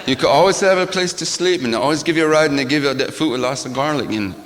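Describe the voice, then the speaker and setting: An older man, a shaman, giving a sermon-like talk to a gathering in a church, with a rhythmic, repetitive cadence that swings from loud to hushed and wry, laughing asides. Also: fairly high pitch, racing. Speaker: shaman speaker. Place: church hall. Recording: long hall reverb.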